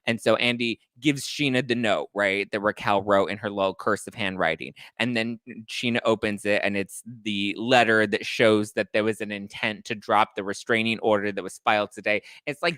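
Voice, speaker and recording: A young man hosting a podcast, recapping casually with sassy, animated delivery and mimicking the people he talks about. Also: lowish voice, moderate pace, few pauses, no room sound. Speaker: podcast host. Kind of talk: casual live recap chat.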